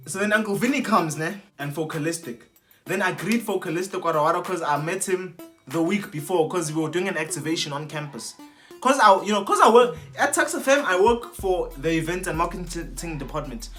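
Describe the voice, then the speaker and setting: A young man telling an excited storytime vlog, slangy and animated, acting out what people said. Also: on the high side. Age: young adult. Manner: animated, slangy, acts out quotes. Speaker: vlogger.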